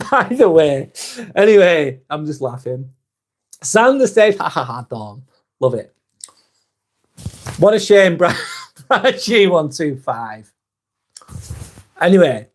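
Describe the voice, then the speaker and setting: A man hosting a live stream, reading viewers' chat aloud and answering in a blunt, casual way with plenty of swearing. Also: a little high. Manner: blunt, swears freely, reads comments aloud and answers them.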